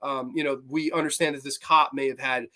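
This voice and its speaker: A man hosting a casual live-streamed horror movie review, excitable and profane, with lots of fillers. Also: medium pitch, fairly quick.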